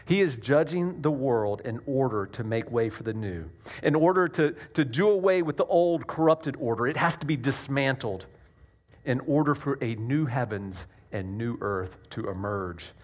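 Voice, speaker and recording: Joking Southern pastor preaching. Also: male voice, medium pitch, normal speed. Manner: earnest, self-deprecating, restarts often. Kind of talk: sermon with jokes.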